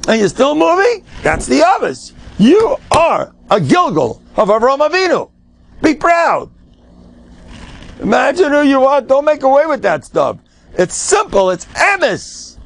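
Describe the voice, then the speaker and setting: A man's voice: extremely high pitch, vocal fry. An older man, a rabbi giving an informal Torah class, emphatic and joking, mixing in Yiddish and Hebrew words. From United States.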